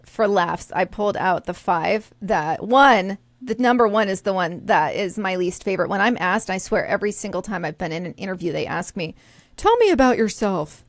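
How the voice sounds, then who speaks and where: An upbeat woman with a middle-pitched voice, recorded close and dry with no room sound. She co-hosts a casual podcast, leads with questions and laughs readily. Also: brisk, hardly any pauses, no echo. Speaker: podcast co-host.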